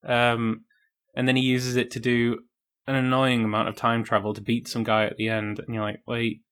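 A man's voice: mid-range voice, completely flat delivery, normal speed, a bit bright, clear, resonant tone. A man co-hosting a casual film review chat with friends, rambling and laughing often as he talks. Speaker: podcast co-host.

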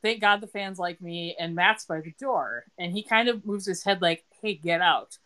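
A woman's voice: fairly low pitch, moderate pace, bright, forceful tone. Chatty woman recapping a show. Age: middle-aged. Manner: chatty, retells scenes with quoted lines and laughs. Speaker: podcast host recapping a TV episode. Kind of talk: casual chat.

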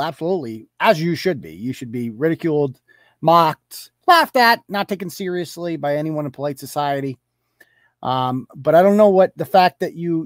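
A man's voice: on the high side, no room sound, clean studio sound. A man hosting a live online commentary show. He reads posts aloud off his screen and answers them in a mocking, profane, sarcastic way, chuckling as he goes. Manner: chuckles through his rants.

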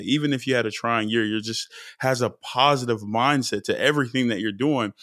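A man hosts a relaxed podcast interview at an ordinary pitch, speaking in an encouraging way and often repeating key words for emphasis. The sound is dry and close, with no room in it. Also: a little fast, few pauses, dry recording. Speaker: podcast host. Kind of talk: casual interview chat.

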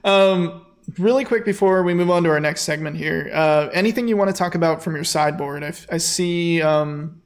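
A man's voice: fairly high pitch, normal speed, few pauses. A man hosting a podcast, talking in a hesitant way with many fillers. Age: adult, getting older. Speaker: podcast host. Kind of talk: casual podcast chat.

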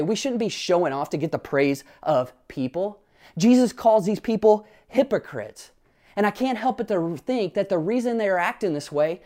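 A man's voice: sits high, a little mellow. A man preaching a sermon as pastor, earnestly asking his listeners rhetorical questions and telling personal family stories.

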